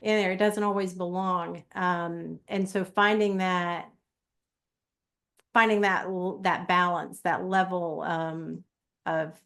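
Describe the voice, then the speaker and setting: A woman's voice: fairly low pitch, little pitch movement, slow, gravelly, fairly bright tone. A woman hosting a podcast, chatting casually, laughing often and joking about herself. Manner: laughs often, self-deprecating. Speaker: podcast host.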